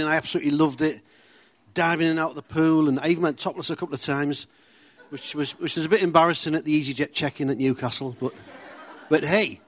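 A man from Middlesbrough with a Teesside accent giving an informal sermon in a chatty, self-deprecating way, full of humorous anecdotes. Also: a little high. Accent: Teesside English. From Middlesbrough, England. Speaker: church speaker.

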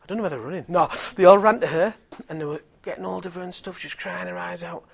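Animated man preaching a story. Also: high voice, fast talker, gravelly, slightly rough. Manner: animated, swings from hushed to loud exclaiming. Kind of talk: storytelling sermon.

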